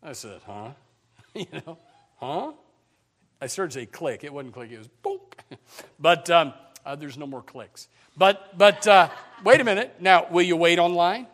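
A middle-aged man preaches to his congregation in a high, light voice. He talks in a folksy, rambling way, repeating words and joking. His sermon sounds like a casual chat with the people in front of him. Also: moderate pace, a bit bright. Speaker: pastor.

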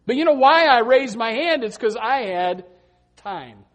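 High-voiced preacher, animated. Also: male voice, unhurried. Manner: animated storytelling, emphatic repetition. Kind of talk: sermon.

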